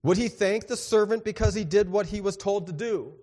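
A man preaching with a voice that sits a little high for a man. He jokes with his listeners and acts out little exchanges, his voice leaping up and dropping low as he plays each part. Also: a little fast, long reverb tail. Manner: animated and joking, acts out dialogue with big pitch swings. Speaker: pastor. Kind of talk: sermon.

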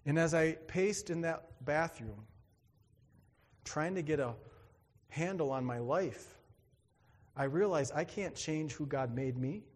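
Slow and given to frequent pauses, a man with an expressive voice on the high side preaches a sermon. He tells a personal story earnestly and dramatically, acting out the other voices, with a long hall reverb around him.

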